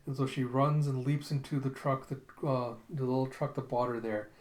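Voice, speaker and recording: A man's voice: mid-range voice, normal speed. Dude recapping a comic, chatty, lots of "and she's like", echoey room. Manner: animated retelling, lots of "and she's like". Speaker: comic reviewer.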